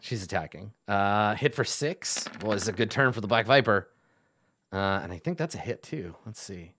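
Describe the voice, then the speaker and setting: A man narrating a tabletop game as game master, relaxed and chatty, with many fillers. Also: on the low side, moderate pace, slight background noise.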